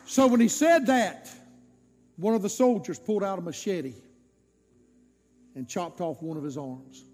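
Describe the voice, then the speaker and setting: High-voiced preacher telling a dramatic story. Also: male voice, expressive, unhurried, long pauses, in a large hall, faint music behind. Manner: dramatic, swinging loud and soft. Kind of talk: sermon storytelling.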